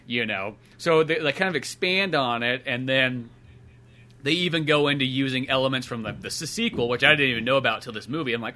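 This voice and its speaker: A man's voice: fairly high pitch, fast, sharp tone. A man hosting a podcast, chatting casually and rambling, swearing often and acting out exaggerated voices. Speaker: podcast host. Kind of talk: casual chat.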